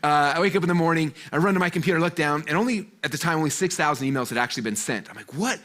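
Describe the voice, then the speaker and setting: A man in his forties talks fast and high for a man, speaking to a seminar crowd. He tells his story with animation, acts out the voices of the people in it, and keeps throwing in fillers. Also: a bit bright. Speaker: guest speaker at a business seminar. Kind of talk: energetic storytelling talk to a live audience.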